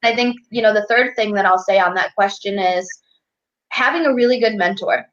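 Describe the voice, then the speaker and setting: A woman's voice: medium pitch, moderate pace, a bit bright. A woman speaking as a guest, a financial advocate and life coach, talking candidly and motivationally over a video call. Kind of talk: casual interview conversation. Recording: dull lo-fi video call audio.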